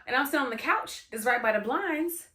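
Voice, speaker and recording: A woman's voice: high voice, lively intonation, a little fast, pushed and bright. A young woman telling a personal story in a casual, slangy storytime chat, full of "you know what I'm saying.". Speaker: storytime host.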